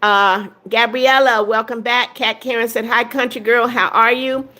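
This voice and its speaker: A woman in her seventies with a voice pitched a little high hosts a casual livestream. She reads viewers' comments aloud one after another and gives each a short, easygoing reply. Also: steady tone, normal speed, bright, forceful tone. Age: 70s. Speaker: livestream host. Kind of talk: casual live-stream chat.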